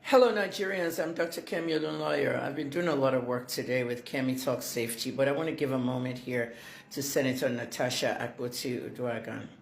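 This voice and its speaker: A woman's voice: a bass voice, brisk, vocal fry, roomy sound, a little hiss or hum. A woman giving chatty, indignant commentary to her fans in a casual vlog.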